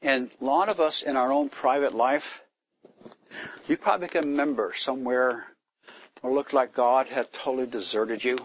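A man's voice: medium pitch, moderate pace, a little hiss or hum, poor audio. A man giving an informal sermon, teaching from scripture and asking his listeners questions, sometimes raising his voice to act out complaints. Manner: animated, acts out complaints in a raised voice; conversational, asks the listeners questions. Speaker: Bible teacher.

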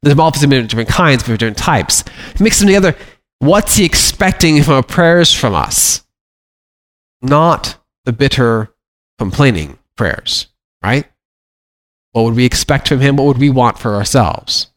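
A man's voice: mid-range voice, animated, a little slow. A middle-aged man giving informal Bible teaching to a congregation, talking conversationally with frequent restarts and acting out plaintive prayers.

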